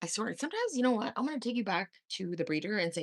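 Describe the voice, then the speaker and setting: A woman's voice: mid-range voice, very animated, fast, no echo, clean studio sound. Brash, profane woman livestreaming. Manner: profane, loud, laughs often, teasing. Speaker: livestream host. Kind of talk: casual livestream chat. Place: at home.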